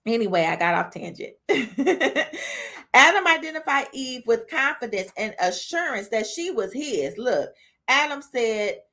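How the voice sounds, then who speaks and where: Woman, podcast host, casual devotional teaching, earnest, conversational, slightly high voice. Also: big pitch swings, unhurried, sharp tone. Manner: conversational, with frequent "right?" and "you know?" tags; earnest, speaks to women listeners.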